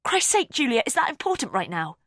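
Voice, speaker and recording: A woman's voice: a little high, big pitch swings, normal speed, fairly bright tone, slightly rough, no room sound, studio quality, pitched above the performer's own voice, heavily acted. A woman reading an audiobook, voicing a panicked young woman who talks breathlessly and urgently.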